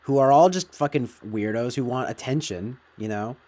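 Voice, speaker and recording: A man's voice: mid-range voice, normal speed, dark tone. Rambling, profane man talking casually. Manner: profane, meandering, filler-heavy.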